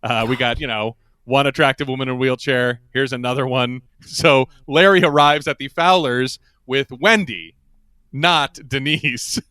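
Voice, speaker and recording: A man's voice: medium pitch, steady tone, measured pace, pushed and bright, smooth, dry recording, studio quality. A man co-hosting a podcast, chatting casually and rambling as he recaps a TV episode, laughing often. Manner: rambling, laughs often, acts out quoted lines. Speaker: podcast co-host.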